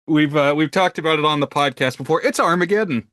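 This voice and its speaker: A man's voice: a little high, quick pace, fairly bright tone, no echo, clean studio sound. A man in his thirties co-hosting a film podcast, chatty and teasing, with hesitant restarts. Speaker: podcast co-host. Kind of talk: casual film podcast chat.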